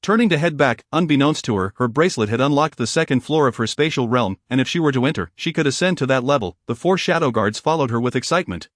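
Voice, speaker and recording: A man's voice: medium pitch, expressive, quick pace, hardly any pauses, dry recording. Man narrating a dry story recap.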